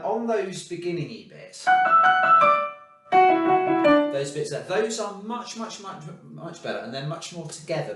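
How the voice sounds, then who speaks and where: A man giving a student encouraging piano practice tips, singing rhythms as "da" and demonstrating at the keys. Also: fairly high pitch. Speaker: piano teacher. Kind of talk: recorded practice feedback. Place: room with a piano. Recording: very echoey room, mic far off. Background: piano playing.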